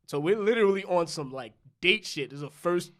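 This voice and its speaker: A man's voice: high voice, lively intonation, a little fast, a bit bright. A young man from New York, a podcast co-host, telling a loose, profane story in casual chat and acting out both sides of the dialogue. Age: young adult.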